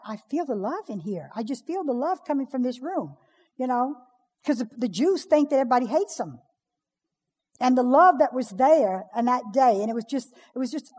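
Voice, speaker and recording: A pastor's wife preaching to a ladies' gathering, telling stories with humor. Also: female voice, sits high. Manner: humorous, storytelling, lively preaching. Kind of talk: sermon. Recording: long hall reverb.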